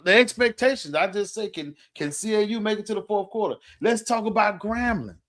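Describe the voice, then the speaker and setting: A man, a football coach, talking sports casually in a halting way, with many ums and you-knows. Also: sits high, animated, a bit bright.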